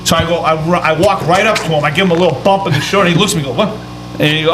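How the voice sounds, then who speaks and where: A man's voice: sits high, expressive, rapid-fire, over music, low-quality recording. A man, co-hosting a podcast, who tells teasing, profane stories in casual sports chat. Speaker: podcast co-host.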